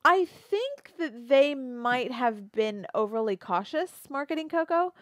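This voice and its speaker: A woman's voice: high-pitched, expressive, a little slow, no echo, studio quality. A woman co-hosting a pop culture podcast in casual chat, thinking aloud and reading viewer comments as she goes. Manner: chatty, thinks aloud with restarts. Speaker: podcast co-host.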